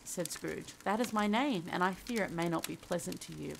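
A woman reading a classic story aloud as a cosy ASMR bedtime tale, soft and gentle, giving the characters their lines. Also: fairly low pitch, normal speed, creaky, hardly any pauses, slight background noise, low-quality recording.

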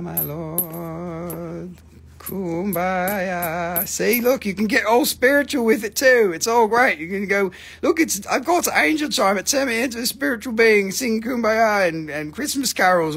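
A man's voice: very high-pitched, lively intonation, fairly quick, few pauses, a bit bright, slightly rough, soft background music. A man hosting a live crystal sale, chatting casually, joking around and swearing freely. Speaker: host selling crystals on a live stream. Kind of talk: casual live-stream sales chat.

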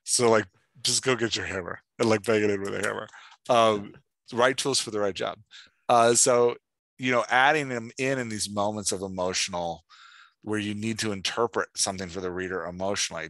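A man hosting a writing podcast, chatting in an animated way and filling his talk with "like" and "right?". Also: deep voice, gravelly, no room sound. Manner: animated, lots of "like" and "right?", reads examples aloud. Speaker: podcast host, writing coach. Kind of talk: casual explanatory chat.

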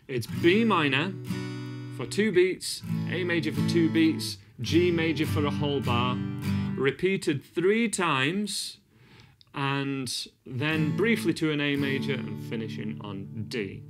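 A man giving a casual guitar lesson, encouraging, counting beats aloud and singing snippets as he plays. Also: medium pitch. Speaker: guitar teacher. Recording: loud guitar over the voice.

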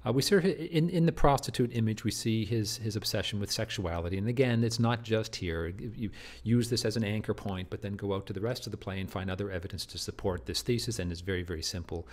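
Middle-aged guy walking through lecture slides, lowish voice, keeps asking "do you see?". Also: fast. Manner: animated, many restarts and "do you see?". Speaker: literature teacher.

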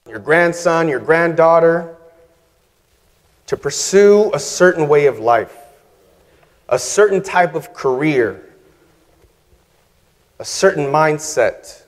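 A man preaching a sermon as guest preacher, measured and humorous, with emphatic pauses. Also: fairly high pitch. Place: church sanctuary. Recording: reverberant church hall.

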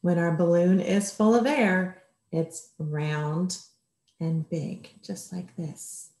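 A woman teacher giving a gentle distance-learning lesson to young children. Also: lowish voice, steady tone, reverberant. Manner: gentle, slow, speaking to small children.

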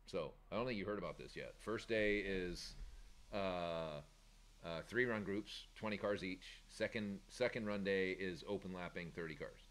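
A man with a fairly low but bright, forward voice talks loosely in a casual chat. He rambles, swears freely and laughs easily. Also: normal speed. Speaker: shop owner hosting a weekly chat show.

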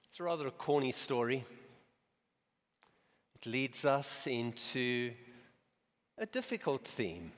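A man preaching a sermon, telling stories in a slow, measured way with quiet dramatic pauses. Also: mid-range voice. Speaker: guest preacher. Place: church. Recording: long church hall reverb.

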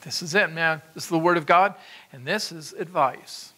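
A man's voice: fairly high pitch, moderate pace, bright, forceful tone, breathy edge. A man preaching a sermon, exhorting his listeners with emphatic repetitions and asides to them. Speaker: pastor.

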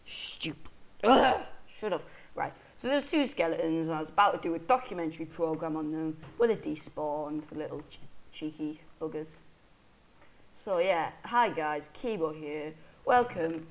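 A woman talks through her survival game with hiccups she can't shake. Her voice sits a little low, and she chatters on, mocking herself and chatting to the animals she meets. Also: moderate pace, rough recording. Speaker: Minecraft let's player. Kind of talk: casual gameplay commentary.

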